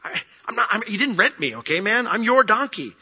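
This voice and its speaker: Preacher as a hurt talking donkey, reproachful, bright tone, hall reverb, dull sound. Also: male voice, high voice, very animated, brisk, slightly rough, pitched above the performer's own voice, heavily acted. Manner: reproachful, plain-spoken. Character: loyal, aggrieved talking donkey.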